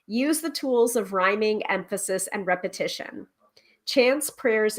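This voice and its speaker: Chatty woman hosting a tarot livestream. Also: mid-range voice. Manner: chatty, many ums, reads viewer comments and book passages aloud. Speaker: tarot reader and livestream host. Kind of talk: casual livestream chat. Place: home livestream.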